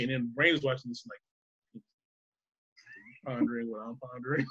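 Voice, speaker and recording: A man's voice: medium pitch, level tone, moderate pace, pauses often, a bit bright, husky, muffled recording. A man rambling through a casual chat, laughing often and swearing freely.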